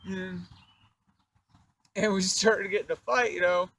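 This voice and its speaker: A young vlogger with a fairly high, gravelly voice tells a story from his own life, rambling casually with plenty of fillers and swearing. He talks a little fast and grows more animated as he goes, sitting far from the mic with slight background noise.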